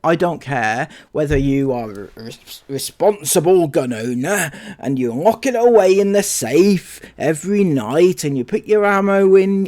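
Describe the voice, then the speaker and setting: A man's voice: fairly high pitch, a little mellow. A young man hosting a commentary channel, sarcastically reacting to viewer comments in a chatty, mocking way with ums and laughs.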